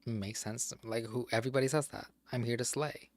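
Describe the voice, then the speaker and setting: A gaming streamer casually talks himself through crossword clues, spelling letters aloud, muttering, and swearing mildly when frustrated. His voice is mid-range and brisk, with fairly even intonation.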